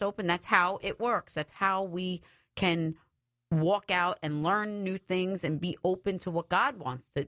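A woman's voice: fairly low pitch, a bit bright, no echo, studio quality. A woman talking in a casual, meandering way about faith and spiritual growth.

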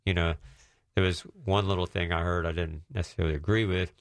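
A man with a very deep voice co-hosts a Christian talk show, chatting casually and often restarting his sentences. The recording is dry and close, with no sound of the room. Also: steady tone, fast, smooth, no room sound. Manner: conversational, with frequent restarts. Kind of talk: casual chat and scripture reading.

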